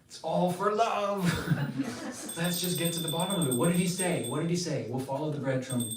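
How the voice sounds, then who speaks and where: A man's voice: fairly high pitch, fairly quick, pitched above the performer's own voice, lightly acted. A man voicing a tender, devoted male god who pleads earnestly with his wife, in a roomy space picked up from a distance. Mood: pleading. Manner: earnest, pleading, soft-spoken. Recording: roomy, distant mic, faint noise.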